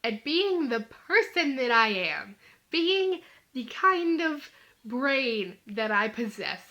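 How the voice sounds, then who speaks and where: Bright, high-voiced teenage girl telling a funny story. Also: highs cut off. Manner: fast, animated, full of "like" fillers. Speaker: vlogger. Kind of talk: comic storytelling to camera.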